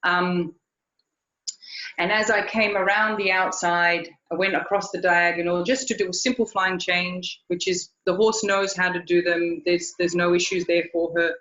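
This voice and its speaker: A woman's voice: lowish voice, fairly even intonation, moderate pace, a bit bright. A woman riding instructor telling a story in a recorded interview, earnest, often repeating her words. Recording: echoey, dull lo-fi sound.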